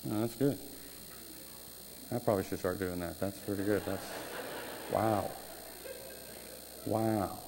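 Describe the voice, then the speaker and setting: A male preacher telling stories in a sermon, animated, with halting restarts. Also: on the low side, vocal fry. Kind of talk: sermon storytelling. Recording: reverberant hall, faint noise.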